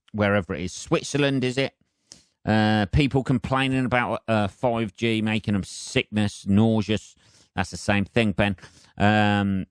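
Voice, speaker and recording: Guy doing a solo podcast rant, swears loads, low smooth voice, pokes fun at himself. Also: dry recording, clean studio sound. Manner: sweary, rambling, self-mocking. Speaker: podcast host. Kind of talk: solo rambling podcast monologue.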